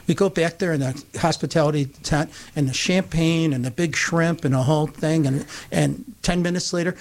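A man from upstate New York on a radio show, telling a long anecdote in a casual, animated way and acting out the quotes. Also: on the high side, moderate pace, hardly any pauses. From Utica, New York. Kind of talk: casual storytelling.

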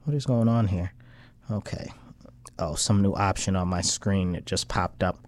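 With a low-pitched voice at normal speed and no echo, the American livestream host keeps up his frustrated, rambling political rant, breaking into heated outbursts.

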